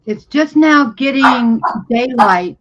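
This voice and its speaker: A woman's voice: high-pitched, expressive, slow pace, dull audio, slight background noise. A woman from America hosting a casual livestream chat, speaking hesitantly with many fillers and frequent laughs. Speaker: livestream host.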